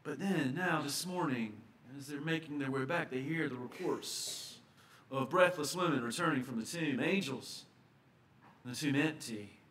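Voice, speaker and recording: A man preaching a sermon, telling a scripture story and moving between hushed and emphatic delivery. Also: medium pitch, moderate pace, slight background noise.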